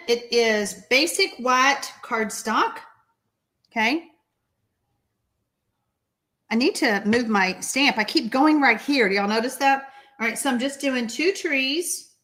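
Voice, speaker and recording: A woman with a Texan accent teaching a live card-making tutorial, chatty and excitable, reading out viewer comments as she stamps. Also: high voice, unhurried.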